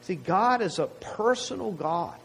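A man's voice: high voice, expressive, a little slow, gravelly, slight background noise, low-quality recording. A man preaching a sermon to his congregation in a conversational way, often asking rhetorical questions. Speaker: pastor.

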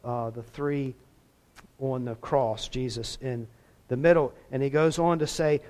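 A man's voice: medium pitch, fairly even intonation, a little slow, darkish tone. A man preaching a sermon as pastor, talking in a conversational way with self-deprecating asides.

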